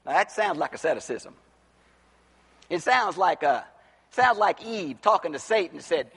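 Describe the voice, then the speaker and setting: Impassioned high-voiced male preacher. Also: sing-song, unhurried, breathy edge, long reverb tail. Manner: impassioned, rising to near-shouts on rhetorical questions. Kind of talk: expository Bible sermon.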